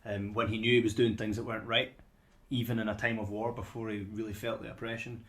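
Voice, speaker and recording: Rich: A fairly low-pitched man co-hosting a relaxed film podcast. He talks in loose, rambling stretches, repeating words as he works his way to his point. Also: fast talker. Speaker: podcast co-host. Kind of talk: casual film discussion.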